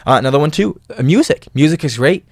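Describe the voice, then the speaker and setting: A young man talks straight into a close mic in a dry, unechoing sound, hosting his own podcast. His voice sits a little high, and his delivery is animated and casual. He breaks into loud, playful sound effects at times. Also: fast, dry recording. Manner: animated, bursts into loud mimicked noises. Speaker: podcast host. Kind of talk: casual monologue.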